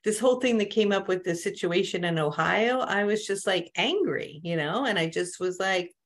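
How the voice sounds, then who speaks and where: A woman's voice: mid-range voice, lively intonation, normal speed. A woman spiritual coach talking casually to a group on an online call, telling stories with many asides. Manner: conversational, storytelling with many asides.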